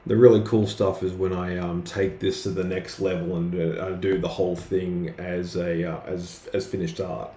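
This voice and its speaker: A man's voice: low voice, little pitch movement, normal speed, few pauses, warm tone. A man casually chatting on a live art stream, hesitant and full of fillers and restarts. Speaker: streaming artist. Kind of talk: casual live-stream chat while drawing. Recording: roomy with faint background noise.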